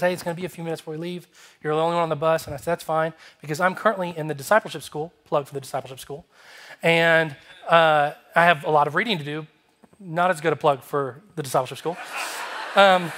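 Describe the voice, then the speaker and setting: A male pastor preaching a sermon, telling a lively story and acting out its dialogue before moving into an appeal. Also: fairly high pitch. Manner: animated, acts out dialogue in his story. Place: church sanctuary.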